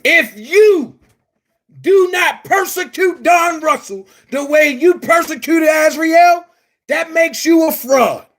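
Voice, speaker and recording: Brief: man, very high voice, angry profane commentary rant, frequent shouting, blunt and repetitive. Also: slow pace. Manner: blunt and emphatic, repeats phrases. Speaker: online commentary host. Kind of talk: heated vlog rant.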